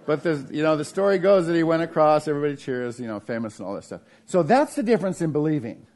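A middle-aged man preaching a conversational sermon, asking the congregation questions and swinging between raised emphasis and quiet, low asides. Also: expressive, fast. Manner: conversational preaching with frequent restarts and rhetorical questions. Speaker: pastor.

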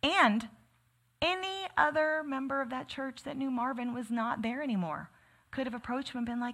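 A woman's voice: high voice, moderate pace, fairly bright tone. A woman teaching a church group in a casual, sermon-like way, speaking conversationally and often saying "like" and "right?". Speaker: church teacher leading a book study.

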